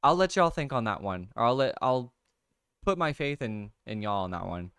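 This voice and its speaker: A young man casually hosting a livestream, thinking out loud over crossword clues, reading viewer comments and laughing often. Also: mid-range voice, big pitch swings, moderate pace, clean tone, no echo, clean studio sound. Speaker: livestream host. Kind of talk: casual chat, solving a crossword with chat.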